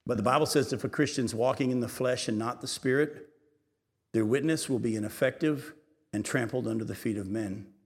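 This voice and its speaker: Man, pastor, sermon, mid-pitched voice, reads scripture then comments, loud and hushed by turns, long hall reverb. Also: fairly quick.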